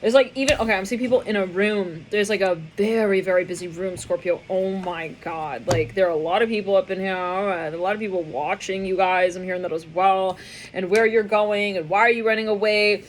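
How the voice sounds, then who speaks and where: A woman's voice: mid-range voice, brisk, slight background noise. A woman doing a casual tarot reading who laughs often and acts out voices she hears. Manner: excitable, laughing, acting out quoted voices. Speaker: tarot reader.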